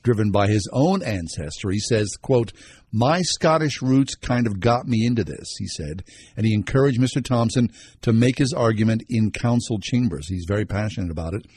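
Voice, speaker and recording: A man's voice: lowish voice, expressive, moderate pace, a little mellow, a little hiss or hum. A man co-hosting a radio show, chatting casually and telling stories with plenty of fillers. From Pittsburgh.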